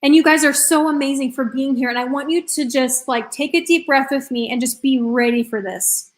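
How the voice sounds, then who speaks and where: High-voiced enthusiastic woman coach. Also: normal speed. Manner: enthusiastic, storytelling, addresses audience directly. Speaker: health and confidence coach. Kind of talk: live online presentation.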